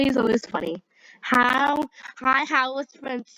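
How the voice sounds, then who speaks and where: A woman's voice: fairly high pitch, animated, a little slow, pushed and bright, dry recording, dull audio. A young woman giving casual, rambling commentary while playing a game, giggling often and using lots of fillers. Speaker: gamer.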